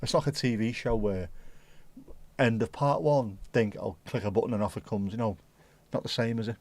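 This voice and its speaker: A man hosting a casual livestream, rambling and thinking out loud as he chats to his viewers. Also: on the low side, normal speed, no room sound. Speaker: livestream host.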